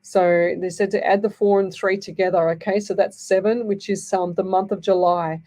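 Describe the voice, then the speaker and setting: A woman's voice: mid-range voice, fairly even intonation, moderate pace, mellow. A middle-aged woman hosting a live psychic radio show, talking in a rambling, reassuring way and checking in with "okay?" as she reads. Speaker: psychic medium radio host.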